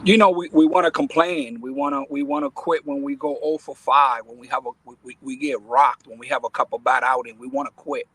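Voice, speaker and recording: A middle-aged man from the Bronx, a baseball academy owner, speaking as a podcast guest in an emphatic, animated way and laughing often. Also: mid-range voice, brisk, few pauses, breathy edge, poor audio. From Bronx, New York. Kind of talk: casual podcast interview.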